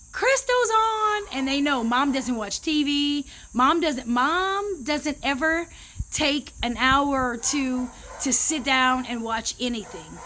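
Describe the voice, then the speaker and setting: Woman, 30s, high voice, emotional vlogger, earnest and rambling with restarts. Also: sharp tone, slight background noise. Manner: heartfelt, rambling, with many restarts. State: emotional, near tears. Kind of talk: emotional personal vlog.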